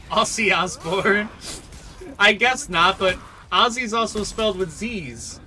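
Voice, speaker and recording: A man's voice: sits high, animated, unhurried, bright, forceful tone, faint music behind. A young American man chatting casually on a live stream while gaming, laughing often and answering chat. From United States.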